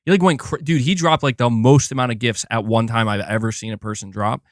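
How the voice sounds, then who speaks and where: A man's voice: mid-range voice, fairly even intonation, brisk, no room sound, studio quality. A man live-streaming in casual chat, rambling and swearing with many restarts. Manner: profane, frustrated, rambling with restarts.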